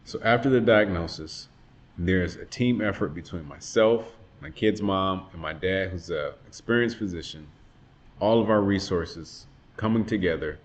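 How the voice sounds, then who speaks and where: A man's voice: low voice, dull audio. A man in his thirties, a father earnestly telling a personal testimony about a hard time in his life. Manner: earnest, reflective, emotional retelling.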